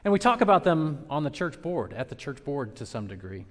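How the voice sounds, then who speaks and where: A man preaching a sermon as pastor, with dramatic swings between loud emphasis and quiet, slowed phrases. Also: a little high, sing-song. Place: church sanctuary. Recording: long reverb of a large church hall.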